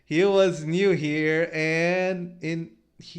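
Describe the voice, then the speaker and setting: A man's voice: a little high, slow pace. A man hosting a casual comic-review podcast, reading panels aloud and laughing often. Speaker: podcast host.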